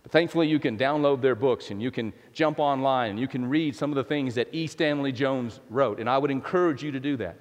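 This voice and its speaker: A man's voice: mid-range voice, a little fast, few pauses. A man preaching a sermon in a church, in a conversational style with many restarts and playful asides. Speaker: pastor. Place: church sanctuary. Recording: long reverb in a large hall.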